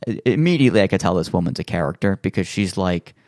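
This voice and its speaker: A man's voice: deep voice, lively intonation, fast, darkish tone, dry recording, studio quality. A man in casual chat, telling a long story with lots of fillers and acting out other people's lines.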